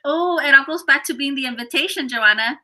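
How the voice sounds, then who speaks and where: A woman's voice: high voice, a little fast, low-quality recording. A woman guest on a live podcast, telling stories expressively and acting out what people said. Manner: expressive storyteller, acts out quotes.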